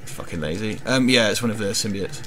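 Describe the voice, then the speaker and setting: A man's voice: lowish voice, fast talker, a bit bright, soft background music. A man hosting a casual gaming commentary, joking and swearing through rambling banter. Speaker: host.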